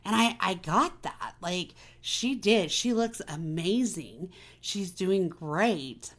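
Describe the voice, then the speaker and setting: A woman's voice: lowish voice, animated, slow pace, fairly bright tone. A woman hosting a casual personal chat, talking candidly and confidingly with many fillers. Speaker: vlog host.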